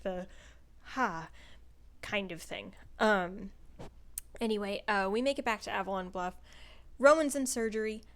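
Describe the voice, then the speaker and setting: A young woman in casual chat, reviewing a book in a rambling way with lots of fillers. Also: mid-range voice. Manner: chatty, rambling, full of "like" and "um" fillers.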